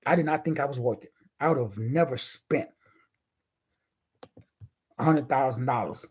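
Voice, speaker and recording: A man hosting a live stream, giving a preachy motivational talk in casual, slangy speech with drawn-out, emphatic phrasing. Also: breathy edge. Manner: preachy, drawn-out emphatic phrasing with big swings in pitch and loudness.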